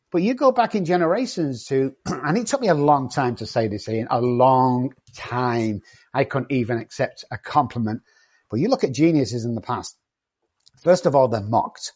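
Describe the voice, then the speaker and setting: A man's voice: medium pitch, darkish tone, husky, muffled recording. A man in a podcast conversation who talks bluntly and swears constantly, cocky and confrontational. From not from England. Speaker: addiction treatment company owner.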